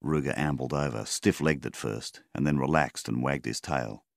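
A man narrating a novel in a measured, unhurried way. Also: a bass voice, creaky, no room sound, clean studio sound. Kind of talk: audiobook narration.

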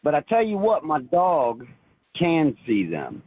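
A man's voice: a little high, wildly swooping pitch, slightly rough, no echo. Earnest man calling in over a phone. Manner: earnest, halting, many restarts. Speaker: caller. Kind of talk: phoned-in personal testimony. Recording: tinny phone line.

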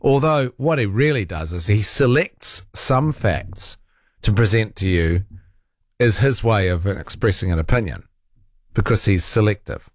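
Lively low-voiced combative radio host. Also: male voice, measured pace, no room sound, clean studio sound. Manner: combative, defends himself, fact-checks callers. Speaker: radio talk show host. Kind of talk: talk radio chat, reading listener texts.

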